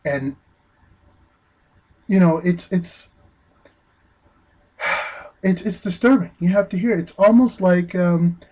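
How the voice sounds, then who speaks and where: Earnest man with halting commentary. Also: sits high, darkish tone, low-quality recording. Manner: earnest, halting, many restarts. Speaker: vlogger. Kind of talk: opinion commentary monologue.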